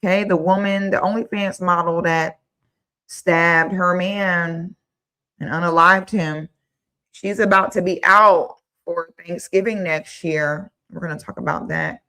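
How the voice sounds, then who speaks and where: Outspoken young woman host, low voice, casual livestream delivery. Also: steady tone, measured pace. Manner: blunt and outspoken, thanks viewers warmly by name.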